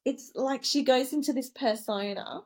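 A woman's voice: high-pitched, moderate pace. A woman co-hosting a podcast, gossiping animatedly in casual chat and laughing easily. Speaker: podcast co-host.

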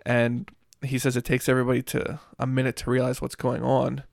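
Gravelly man in a casual book chat. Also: mid-range voice, monotone, a little fast, dry recording, clean studio sound. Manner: rambling, leans heavily on "like" and "um".

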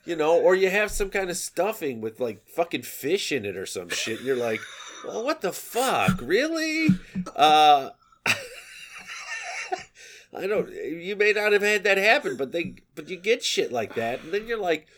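A man on a podcast, talking in casual chat with a fairly high voice that jumps all over. He complains with lively energy and swears freely. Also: moderate pace. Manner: swears a lot, animated complaining. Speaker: podcast co-host.

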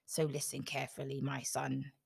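A woman voicing a worried, scheming mother who gives urgent advice in a hushed voice. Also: a bass voice, monotone, moderate pace, gravelly, breathy edge, dry recording, full character voice.

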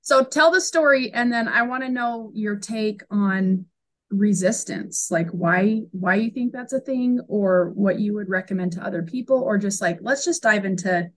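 A woman hosting a podcast, introducing her guest in a friendly, rambling chat with quick restarts. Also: mid-range voice. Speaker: podcast host. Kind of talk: casual interview chat.

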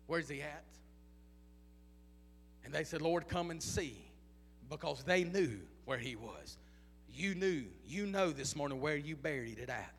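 A male preacher with a high, gravelly voice delivers his sermon through driving repeated questions. His tone is bright and edged. The sound carries the long reverb of a large church hall. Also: animated, normal speed, a little hiss or hum. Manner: repetitive rhetorical questions, rising to chanted intensity.

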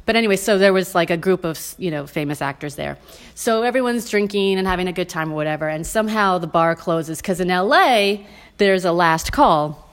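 A woman's voice: a little fast, smooth. A woman co-hosting a casual podcast, telling a rambling anecdote with lots of ums and asides. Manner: rambling with many ums, acts out her own quotes in a high excited voice. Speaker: podcast co-host. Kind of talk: casual storytelling chat.

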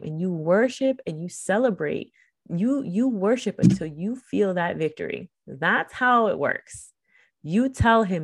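Woman, podcast preacher, fervent, emphatic, low voice, dry. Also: lively intonation, a little slow, no room sound.

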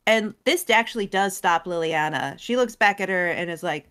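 A woman co-hosting a casual recap show, retelling a story and acting out characters' lines in quick voices. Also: mid-range voice, fairly bright tone, smooth. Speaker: co-host recapping story lore. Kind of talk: casual chat.

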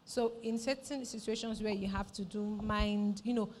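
A woman's voice: mid-range voice, steady tone, moderate pace, a little mellow, a little hiss or hum. A woman pastor, preaching a sermon in church and repeating her phrases for emphasis, often asking "right?".

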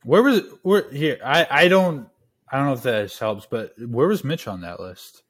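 A man co-hosting a sports podcast speaks in an easy mid-pitched voice. He drops dry, teasing asides in a relaxed, low-key way. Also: normal speed, breathy edge. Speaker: podcast co-host. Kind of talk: casual sports chat.

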